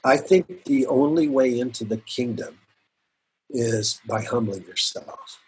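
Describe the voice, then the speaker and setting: A middle-aged man speaking as a guest pastor in an earnest, reflective faith conversation, often laughing softly and repeating words. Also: medium pitch, lively intonation, unhurried, husky.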